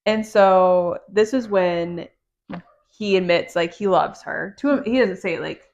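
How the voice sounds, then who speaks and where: A woman's voice: fairly low pitch, measured pace, vocal fry, a little mellow, highs cut off. Chatty woman retelling a book's plot. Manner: chatty, retells scenes with quoted dialogue. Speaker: podcast co-host. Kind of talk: casual book discussion.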